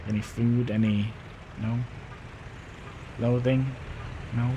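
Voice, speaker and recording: A man's voice: medium pitch, little pitch movement, takes it slowly, muffled recording, noisy background. A man livestreaming a city-building game, talking casually and hesitantly as he thinks aloud. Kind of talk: casual gameplay commentary.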